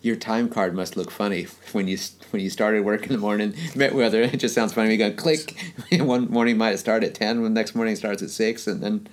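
Low-voiced man interviewing. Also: steady tone, fairly quick, hardly any pauses. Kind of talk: casual interview chat.

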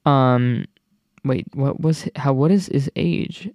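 A young man hosting his own podcast, chatting casually in an excitable, rambling way full of asides. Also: mid-range voice, takes it slowly, dry recording. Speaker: podcast host. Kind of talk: casual solo podcast chat.

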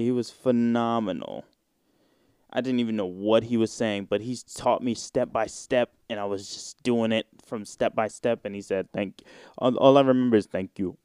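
Rambling young man, smooth dry voice. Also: mid-range voice, darkish tone, no echo. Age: 20s. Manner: rambling and slangy, with frequent fillers and swearing. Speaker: podcast host. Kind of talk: casual solo podcast monologue.

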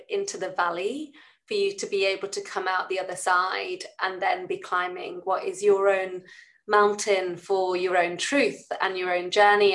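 A woman's voice: medium pitch, fairly bright tone, rough recording. A woman hosting an interview, speaking reflectively in long, thoughtful questions. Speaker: podcast host. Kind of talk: interview conversation.

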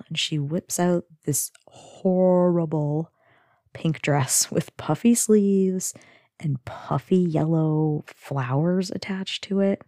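A woman's voice: fairly low pitch, takes it slowly, warm tone, no room sound, clean studio sound. A woman hosting a podcast, chatting casually through a sitcom recap with lots of fillers and giggly asides. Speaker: podcast host.

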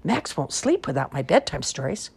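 A small lost teddy bear from a picture book, anxious and eager to get home, his voice high and urgent, as a woman puts him on. A husky tone sits under the bright, pitched-up lines. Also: very animated, moderate pace, full character voice.

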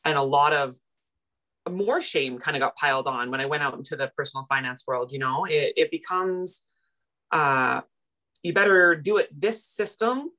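A low-voiced woman from Canada in her thirties chats as a personal finance coach. She tells her stories in an animated, self-deprecating way, jumping up in pitch when she acts out what others said. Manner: animated, self-deprecating, quick retellings with big pitch jumps in quoted moments. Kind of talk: casual interview storytelling.

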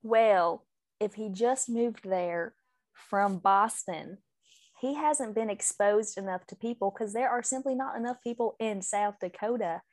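A young woman co-hosting a casual podcast chat, talking quickly with lots of fillers and laughing easily. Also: medium pitch, darkish tone, no room sound. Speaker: podcast co-host.

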